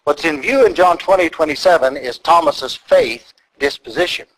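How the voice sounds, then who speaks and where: A man preaching an expository sermon, deliberate and emphatic as he walks through the text. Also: on the high side, animated, fairly bright tone, low-quality recording. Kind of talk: sermon teaching.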